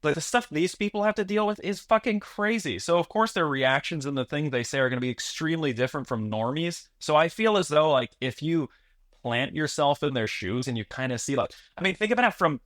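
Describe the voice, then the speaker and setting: A man's voice: on the high side, expressive, a little fast, fairly bright tone, dry recording, clean studio sound. A man co-hosting a movie review podcast, making his points earnestly in a rambling way, restarting his sentences and swearing casually. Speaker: podcast co-host.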